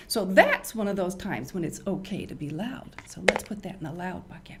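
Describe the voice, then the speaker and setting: An older woman hosting a children's show, reading stories in an animated, sing-song way. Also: lowish voice, brisk, few pauses. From United States. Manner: animated, sing-song storyteller, acts out loud and whispered voices. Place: studio.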